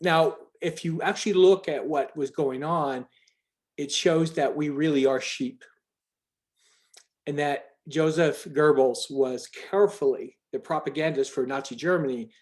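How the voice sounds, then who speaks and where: A man's voice: on the high side, moderate pace, darkish tone. A man leading a group video call, talking in a rambling, emphatic way with many restarts. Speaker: call organizer.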